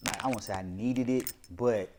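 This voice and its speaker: A young man on a casual talk show, telling stories with lively acted-out quotes. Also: lowish voice, moderate pace, slight background noise. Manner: animated storyteller, acts out quotes. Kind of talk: casual chat.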